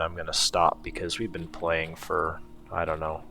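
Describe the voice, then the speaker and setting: A man giving relaxed, casual let's-play commentary, musing to himself as he explores. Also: low-pitched, fairly quick. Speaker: gameplay commentator.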